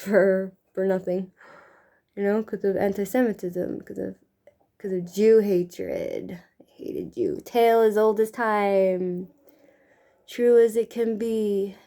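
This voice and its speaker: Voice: mid-range voice, warm tone. A drag queen with a Brooklyn accent chatting casually while doing makeup, rambling and tagging "you know" onto many sentences.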